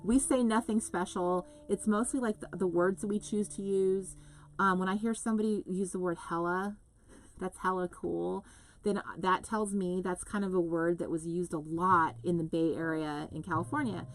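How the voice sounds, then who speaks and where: A woman's voice: fairly low pitch, steady tone, normal speed, slight background noise. A woman from the US West Coast hosting a live craft stream, chatting casually and reading out viewer comments in a rambling, gushing way.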